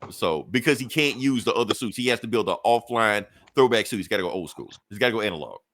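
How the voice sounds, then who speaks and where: A man hosting a podcast, recapping a comic book in a casual, profane, animated way. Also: fairly low pitch, fast, no room sound. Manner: profane, animated storyteller, slips into characters. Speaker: podcast host.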